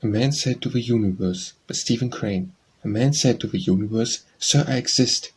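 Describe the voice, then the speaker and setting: A man with a husky voice, reading poems aloud in a measured, solemn way as an audiobook narrator. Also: on the low side, dark tone. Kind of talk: scripted poetry reading.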